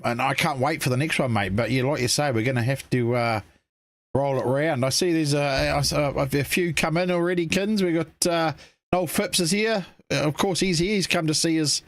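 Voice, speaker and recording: A man's voice: on the high side, dry recording. A New man co-hosts a casual online show, talking loosely and filling gaps as he goes. His voice is recorded close and dry, with no room around it. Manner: relaxed, rambling with fillers. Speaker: co-host. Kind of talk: casual livestream chat.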